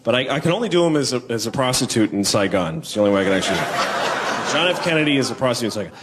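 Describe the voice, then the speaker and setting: A man's voice: medium pitch, expressive, rapid-fire. A man doing a stand-up set on a club stage, dry and wry in delivery. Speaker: stand-up comedian. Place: comedy club stage with live audience. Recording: live club recording with crowd and noise.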